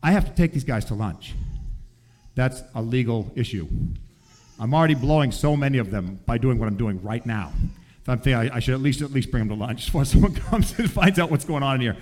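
Male teacher sharing a faith story; animated, acts out quotes, sinks quiet for the heavy parts. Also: brisk. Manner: animated storytelling with acted quotes, often drops soft and low.

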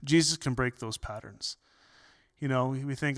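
A man preaching a sermon as pastor, earnest, often repeating words and swinging between loud and soft. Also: medium pitch, moderate pace.

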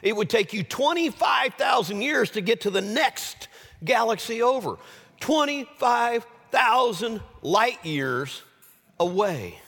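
A male pastor preaching a sermon, swinging from loud exclamations to hushed, low phrases. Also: very animated, slow pace, vocal fry. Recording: long hall reverb.

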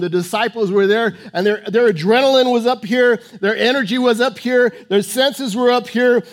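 A male preacher delivers a sermon in a high voice. He presses his points hard, rising to loud urging and dropping to hushed tones.

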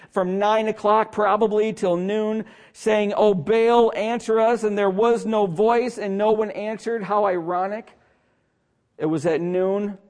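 A man preaching a sermon as pastor, with dramatic swings between loud emphasis and hushed asides and a sarcastic streak. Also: high voice. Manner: sarcastic humor.

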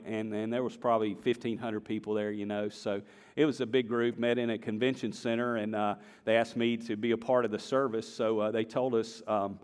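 A man with a slight Southern accent preaching a sermon, moving between emphatic declarations and quiet, conversational storytelling. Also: medium pitch, big-room sound. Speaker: pastor. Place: church sanctuary.

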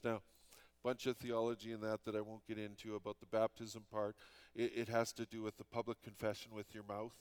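A man's voice: lowish voice, flat delivery, a little fast, clean tone. A man in his fifties from Canada, preaching a sermon as pastor in an earnest, conversational way with frequent restarts.

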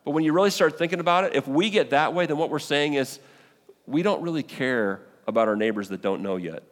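Animated pastor man preaching in a reverberant hall. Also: on the high side, brisk. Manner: animated, paraphrases scripture in voices, exclamatory. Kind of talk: sermon.

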